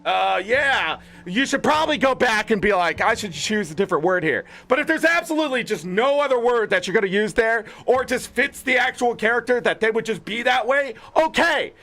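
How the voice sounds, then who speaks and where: A man's voice: very high voice, a little fast, few pauses, sharp tone. A man hosting a gaming channel, ranting with exasperated profanity and rambling filler words. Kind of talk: ranting commentary.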